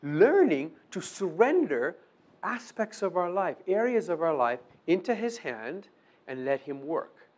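A man's voice: high-pitched, big pitch swings, unhurried, darkish tone. A man preaching a sermon, asking his listeners questions and acting out quoted prayers. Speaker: pastor.

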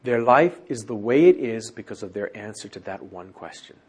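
Husky man leading a Bible study. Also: moderate pace. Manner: animated, acts out quoted lines with raised pitch. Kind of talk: Bible study teaching with questions to the group.

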